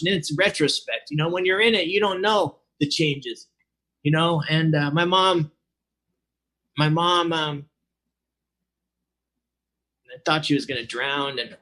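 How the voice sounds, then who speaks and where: Man in his forties, casual personal talk, slightly high voice, loose and rambling delivery. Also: a bit bright. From Southern California. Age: 40s. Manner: casual, rambling, many fillers and restarts. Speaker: recovery meeting speaker. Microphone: online meeting.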